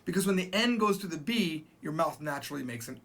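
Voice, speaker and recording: Give me a man in his forties teaching a relaxed language lesson, his voice a touch high and very animated. He talks in a chatty, emphatic way and slowly repeats each phrase so learners can copy it. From Japan. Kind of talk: casual spoken lesson.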